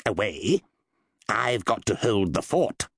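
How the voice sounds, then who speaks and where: A man's voice: lowish voice, very animated, slow, creaky, a bit bright, breathy edge, no room sound, studio quality, heavily acted. A man voicing a fussy, pompous wizard who loses his temper with his pet and improvises grand incantations. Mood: defensive. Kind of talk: audiobook character voice.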